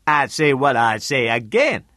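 A man's voice: mid-range voice, big pitch swings, measured pace, pushed and bright, dry recording, studio quality, pitched above the performer's own voice. A man voicing a streetwise male friend who talks in terse broken English. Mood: matter-of-fact. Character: streetwise male friend, agreeable, small-time fixer.

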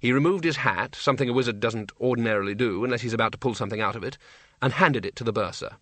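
A man reads a comic fantasy audiobook with wry, lively timing. His voice is bright and animated, recorded dry and close. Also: medium pitch, no room sound. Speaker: audiobook narrator.

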